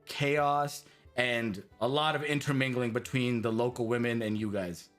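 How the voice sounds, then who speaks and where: A man's voice: medium pitch, steady tone, moderate pace, fairly bright tone, faint music behind. A man narrating as game master of a tabletop game, upbeat and often laughing.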